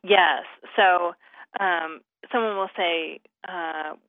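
A woman's voice: fairly low pitch, fairly even intonation, extremely slow, dry recording. A woman grammar expert, a guest on a call-in radio show, explaining usage in a chatty way with many fillers. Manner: chatty, many "you know" fillers, laughs easily. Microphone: phone. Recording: narrow phone line.

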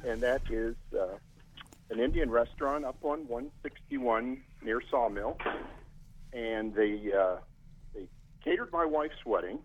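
A man's voice: medium pitch, a little slow, muffled recording. A middle-aged man calling in to a radio show, speaking hesitantly with many restarts and fillers. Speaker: caller. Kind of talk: call-in radio chat.

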